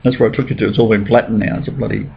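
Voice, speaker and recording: A man speaks very fast in a lowish, fairly even voice with vocal fry, making religious claims in a rambling, insistent manner during casual conversation. The recording sounds dull and lo-fi, with faint noise.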